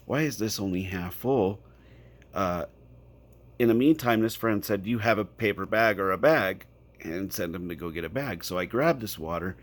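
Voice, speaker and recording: A man casually telling a personal story to camera, unhurried, checking in with the listener now and then. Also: sits low. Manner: unhurried, with fillers and repeated "okay?" check-ins.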